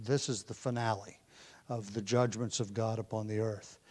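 A man's voice: fairly low pitch, level tone, moderate pace, darkish tone, slightly rough. A man teaching verse by verse through a Bible passage, explaining as he goes, with frequent ums and restarts.

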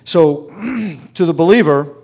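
A man works verse by verse through a Bible passage, often halting with ums and restarts. His voice has lively intonation and a darkish tone, sinking low at the ends of phrases.

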